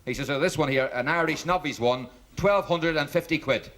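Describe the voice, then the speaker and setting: A man's voice: on the high side, brisk. A man telling jokes on stage as a stand-up comedian, acting out each character in his stories. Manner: punchy storyteller, animated quoting of characters. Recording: 1970s TV stage recording with audience laughter and hiss.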